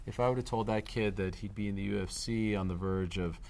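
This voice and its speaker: Low gravelly male interviewer. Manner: short affirming replies, calm measured questions.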